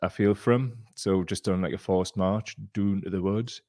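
A man's voice: low voice, steady tone, moderate pace, a little mellow, dry recording, studio quality. Rambling man hosting a stream. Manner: rambling, jokey, chatty. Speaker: show host. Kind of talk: casual live-stream chat. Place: temporary cellar room.

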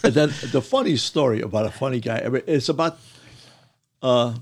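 An older man tells stories in a casual, rambling way, chuckling as he goes. His voice has a gravelly edge, and his pitch sits mid-range for a man. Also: a little fast. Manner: rambling, chuckling anecdotes with restarts. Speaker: retired firefighter guest. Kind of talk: casual storytelling.

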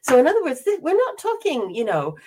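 A woman's voice: high voice, wildly swooping pitch, fairly quick, mellow, a little hiss or hum. An older American woman with an accent mixing American and English, chatting as a guest author over a video call, self-deprecating and laughing often. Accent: mixed American and English. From United States. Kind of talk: podcast interview answers.

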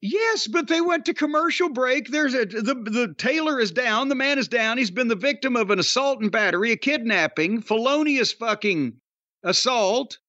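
A man's voice: very high-pitched, expressive, normal speed, pushed and bright, no echo. An older man hosting a casual wrestling podcast, ranting with profanity and sarcastic rhetorical questions. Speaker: podcast host. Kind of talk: casual wrestling review chat. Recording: slightly dull, dry podcast audio.

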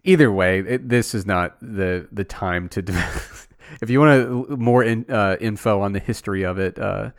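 A man co-hosting a podcast, talking casually in a relaxed, dry way. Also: fairly low pitch, moderate pace, dry recording. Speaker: podcast co-host. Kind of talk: casual chat.

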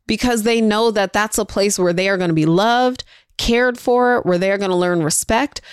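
A woman's voice: a little high, smooth, no room sound, studio quality. A mother talking casually and encouragingly to viewers, sharing parenting advice in a conversational, folksy way.

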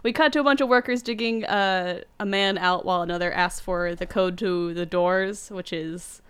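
Smooth-voiced woman recapping a film. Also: lowish voice, fairly even intonation, moderate pace, a bit bright. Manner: recaps the plot with frequent laughs and fillers. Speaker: podcast host. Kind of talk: casual movie podcast chat.

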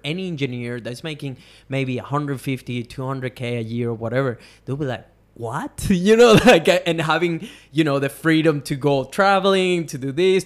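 A man hosting a podcast, speaking in a soft, reflective way in casual conversation. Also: mid-range voice. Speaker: podcast host.

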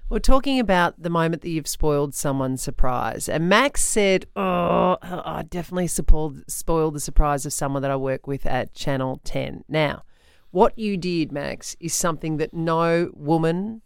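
A woman's voice: low voice, normal speed, creaky, few pauses, clean tone, no echo, clean studio sound. Teasing woman radio co-host. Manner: teasing, laughing, lively reactions. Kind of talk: casual radio banter. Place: radio studio.

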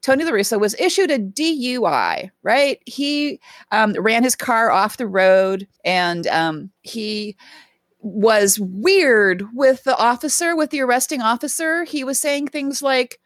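A woman co-hosting a casual sports podcast, talking in an animated, sarcastic ranting manner. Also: fairly high pitch, a little slow, no echo, clean studio sound. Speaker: podcast co-host.

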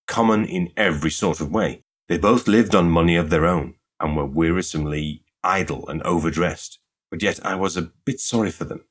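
A brisk young woman behind a pastry-shop counter, impatient and emphatic, pushing her point hard. A male narrator lifts his voice to put her on. There is a slight huskiness beneath the raised voice. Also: deep voice, husky.

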